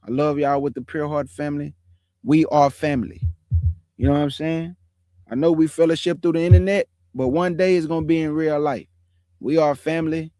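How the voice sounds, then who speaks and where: A man's voice: fairly high pitch, a little mellow, no room sound. Brief: emphatic man, 40s, slangy streamer testimony, dry close sound. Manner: preachy, emphatic, repeats phrases, slangy street talk. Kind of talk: casual testimony to an online audience.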